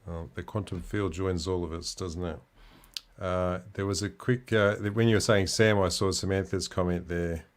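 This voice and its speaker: A man hosting a livestream, speaking softly and hesitantly with fillers. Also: sits low, fairly even intonation, moderate pace. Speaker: livestream host. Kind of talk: casual livestream chat.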